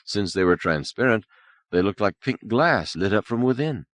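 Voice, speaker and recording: A man narrating an audiobook novel in a lively, expressive read, with soft, hushed character lines. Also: fairly low pitch, normal speed, dry recording. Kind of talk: scripted narration. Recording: old cassette audiobook, dry.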